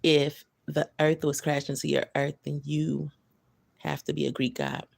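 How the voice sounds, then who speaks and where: On a livestream, a woman with a low, gravelly voice chats casually with her viewers, reading their comments and chuckling often. Her talk is loose and slangy, delivered flatly at an unhurried pace. The tone is a little mellow, with no room sound.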